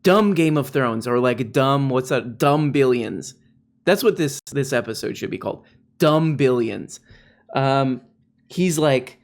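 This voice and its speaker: A man with a medium-pitched voice gives loose, sarcastic commentary. He mocks his subject and keeps a casual, offhand delivery. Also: lively intonation, unhurried. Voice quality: sarcastic, mocking, drops into mock voices. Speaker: political commentator.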